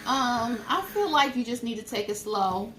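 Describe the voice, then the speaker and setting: A woman's voice: on the high side, animated, normal speed, fairly bright tone, a little hiss or hum. A woman giving a casual tarot reading, hesitant and full of "um" and "I feel like". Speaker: tarot card reader, co-host. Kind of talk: casual live card reading.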